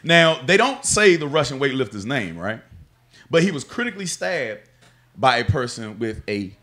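Bright lively male radio host. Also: medium pitch, normal speed. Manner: joking, laughing, profane. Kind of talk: casual studio banter. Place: radio studio.

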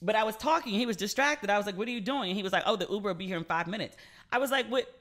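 Racing along in a medium-pitched, slightly bright voice, this woman chats candidly and casually on her own podcast. Her speech is full of "like" and regular swearing.

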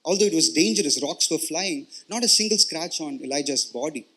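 A man preaching a sermon in an earnest, conversational way. His voice sits somewhat high and sounds bright and forward. He keeps checking in with his listeners and often repeats words as he explains. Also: expressive, brisk, slightly rough. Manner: earnest, explanatory, with frequent "you know" and "right?" check-ins and repeated words. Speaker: pastor.

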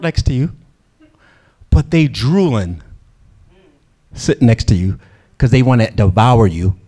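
A man preaching a sermon in an animated way, acting out quotes and laughing between lines. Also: sits high.

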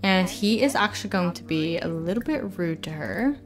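A woman's voice: fairly low pitch, lively intonation, normal speed. A young woman narrating her life-sim game story in casual commentary, chatty and giggly, talking to viewers as "guys". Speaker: let's play creator. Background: faint background music.

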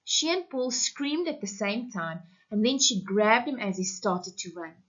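Over a muffled, lo-fi recording, a teacher from South Africa narrates a story for her class in an online lesson. She speaks with a mid-range voice, carefully and expressively.

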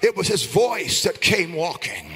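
A man preaching a sermon as pastor, swinging between quiet talk and chanted, shouted call-and-response. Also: high voice, huge pitch swings, measured pace, long reverb tail.

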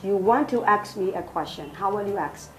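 A woman's voice: medium pitch, animated, normal speed, echoey room, loud music behind the voice, rough recording. A woman teaching English in a classroom, prompting students with phrases and praising their answers.

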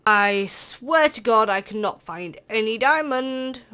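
Teen voice, British accent, gameplay commentary, jokey, sing-song, excitable yelps, mid pitch. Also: unhurried, clear, resonant tone. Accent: British English. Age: teens. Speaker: gameplay channel host. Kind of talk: let's-play gameplay commentary.

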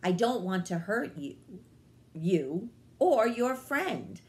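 A woman voicing a gentle, apologetic small male bat in a children's read-aloud, humble and pleading. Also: mid-range voice, sing-song, slow pace. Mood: friendly.

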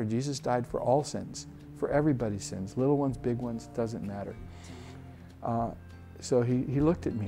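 Man, thirties, earnest testimony, mellow dark tone, soft guitar behind. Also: medium pitch. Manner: earnest, halting, frequent restarts. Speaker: church member sharing a testimony. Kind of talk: personal testimony, storytelling. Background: soft guitar music.

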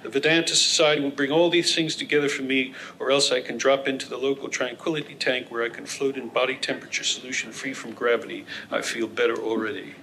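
A man reading a humorous personal essay aloud in a wry, deadpan manner. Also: medium pitch, fast, few pauses, slight background noise, poor audio.

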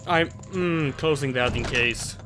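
A young man commenting on a horror game as he plays, excitable and jumpy, swearing often. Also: medium pitch, a little slow, over music. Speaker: gameplay commentator.

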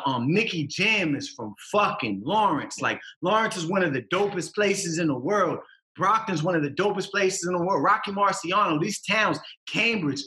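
A man's voice: high voice, sharp tone, reverberant. A young man, a rapper talking in a casual podcast interview, emphatic and slangy, hammering his points home. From Massachusetts. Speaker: rapper guest.

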